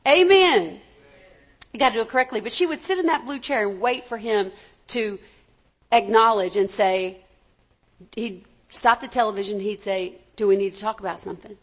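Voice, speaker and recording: High-voiced woman preaching a sermon. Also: moderate pace, long pauses. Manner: conversational, calls for amens from the congregation.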